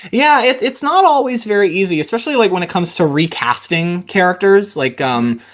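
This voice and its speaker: A man's voice: high-pitched, expressive, brisk. A man hosting an interview podcast, talking casually and hesitantly with many fillers. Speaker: podcast host.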